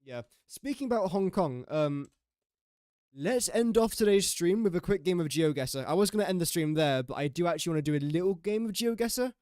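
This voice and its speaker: Chatty and jokey, a young Englishman thinks aloud on a live game stream and laughs at his own guesses. His voice is high and clear, resonant with a darkish tone, lively in intonation and a little fast. The studio sound is clean, with no echo.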